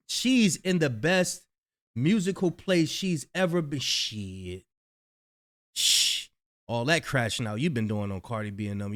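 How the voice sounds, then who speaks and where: Male commentary host, slightly high voice, loose and chatty, trails off and laughs a lot. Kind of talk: casual reaction commentary.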